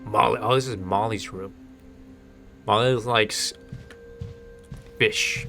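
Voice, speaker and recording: A man's voice: mid-range voice, lively intonation, measured pace, gravelly, long pauses, pushed and bright, faint music behind. A young man streaming a game, reacting casually and joking as he plays. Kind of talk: live gameplay commentary.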